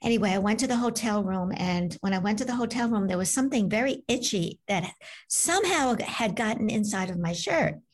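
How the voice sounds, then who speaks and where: A woman, a medium and author, telling a personal story as an interview guest, animated and acting out the voices of the people in it. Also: mid-range voice, brisk. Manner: animated, acts out voices in her stories. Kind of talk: conversational storytelling.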